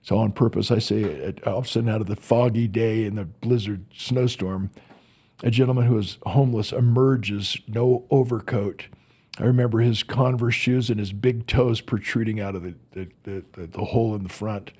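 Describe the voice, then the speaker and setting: Husky-voiced man telling a story. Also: on the low side, steady tone, moderate pace, mellow. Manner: earnest storyteller, repeats words when searching. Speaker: motivational speaker, podcast guest. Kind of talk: storytelling in a podcast interview.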